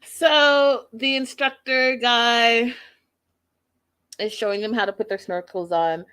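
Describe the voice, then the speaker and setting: A woman hosting a casual recap of a reality show, chatting in an animated, gossipy storytelling way. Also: a little high, takes it slowly, clear, resonant tone. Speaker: show host.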